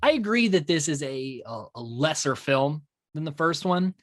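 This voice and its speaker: Chatting casually about a horror film as a podcast co-host, a man laughs often and keeps restarting his sentences in this movie review conversation. His slightly high voice is sing-song at normal speed, with no echo and clean studio sound.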